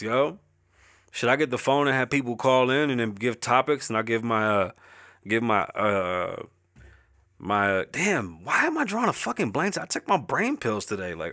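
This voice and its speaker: A young man hosting a casual show, rambling and swearing freely in a loose, unfiltered monologue. His voice sits at a middle pitch and sounds close and dry, with no room around it. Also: sharp tone, no echo. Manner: rapper, says he is an artist. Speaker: show host.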